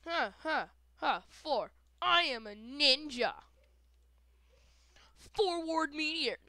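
Very high-pitched playful woman gamer. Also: lively intonation, slow pace, no echo. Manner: playful and shouty, with silly chanted sound effects. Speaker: gaming video creator. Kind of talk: excited gameplay commentary.

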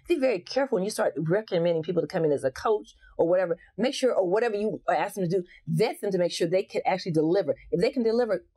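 A woman's voice: fairly low pitch, dark tone, breathy edge. A woman speaking as a guest coach in a casual interview, frank and emphatic, often restarting her sentences.

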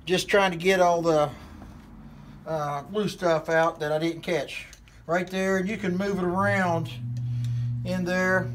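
A man with a West Virginia accent talks through a hands-on demonstration in a folksy, rambling way, full of fillers. His voice sits high, and he takes his time with every step. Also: little pitch movement, measured pace, pauses often, slight background noise. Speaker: hunting channel host. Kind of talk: casual how-to demonstration.

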